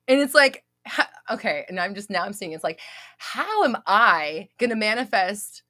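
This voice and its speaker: Young woman ranting on a livestream, swears a lot, laughs a lot, super animated up and down voice. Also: mid-range voice, measured pace, long pauses, no echo. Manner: blunt, swears freely, laughs often, scolding tone. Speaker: host of a live Q&A stream. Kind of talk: casual live-stream chat, reading out viewer comments.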